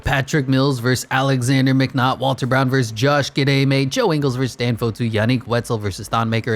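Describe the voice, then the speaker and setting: A man giving joking play-by-play commentary over a basketball video game, in a dry, mock-announcer manner. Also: medium pitch. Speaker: gaming YouTuber.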